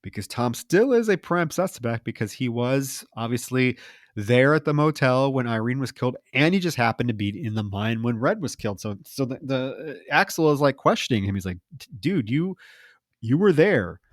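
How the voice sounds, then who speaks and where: A man co-hosts a podcast and walks through a film's plot in a relaxed, chatty way. His pitch sits in the middle of the range, and he pushes hard on the key beats. The recording is close and dry, with almost no room sound. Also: a little fast, no echo. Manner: animated retelling with lively emphasis. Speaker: podcast co-host. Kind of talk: casual film recap chat.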